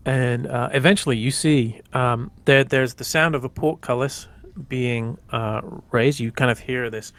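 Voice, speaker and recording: A man's voice: mid-range voice, a little slow, few pauses, fairly bright tone. A man narrating a tabletop role-playing game as game master, rambling casually with many fillers.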